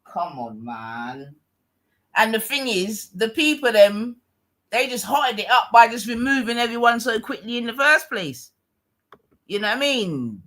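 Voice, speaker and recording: A woman's voice: on the high side, animated, moderate pace, fairly bright tone. A woman streamer reacting casually, exasperated and slangy.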